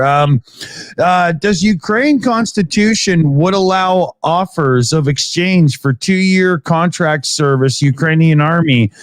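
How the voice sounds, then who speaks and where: A man's voice: fairly high pitch, no echo. Man, stream host, casual, hesitant reader, dry mic. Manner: halting, many fillers while reading. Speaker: host reading viewer messages. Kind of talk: casual livestream chat.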